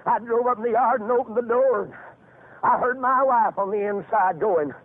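An older man preaching a revival sermon, telling stories and rising into fervent shouts with drawn-out phrases. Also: very high-pitched, slight background noise. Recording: phone-like, narrow band.

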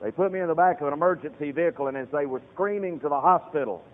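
A man preaching a sermon as a pastor, swinging from hushed talk to loud shouted peaks. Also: fairly high pitch, rapid-fire. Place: church sanctuary. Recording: tinny lo-fi sermon recording in reverberant hall.

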